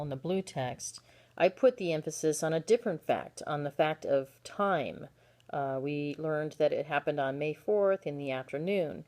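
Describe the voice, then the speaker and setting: Low-voiced woman teaching a writing lesson. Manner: explanatory, with frequent ums and restarts; walks through example texts step by step. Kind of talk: recorded teaching demonstration.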